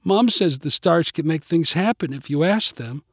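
A man voicing a small, teary boy who speaks softly and earnestly in a storybook reading. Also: a little high, lively intonation, normal speed, breathy edge, no room sound, studio quality, voice pushed up. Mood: hopeful. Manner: soft, earnest pleading. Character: hopeful small boy, teary and soft-spoken.

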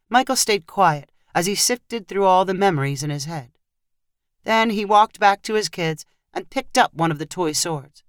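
Casting: storytelling woman, lively pitch, dry close recording. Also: normal speed, no echo. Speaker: story narrator. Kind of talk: scripted narration.

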